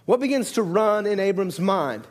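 A man's voice: sits high, expressive, moderate pace. A man preaching a sermon in a conversational way, often asking "right?" and restarting his sentences. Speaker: pastor.

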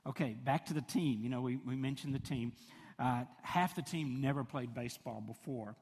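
Husky-voiced pastor in a reverberant hall. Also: male voice, mid-range voice, normal speed, a little mellow. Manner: conversational, chatty, laughing through stories. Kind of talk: sermon with personal storytelling.

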